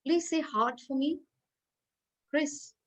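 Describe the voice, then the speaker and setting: A woman's voice: sits high, slow, rough recording. A woman giving an online phonetics lecture over a video call, patiently coaxing students to repeat words.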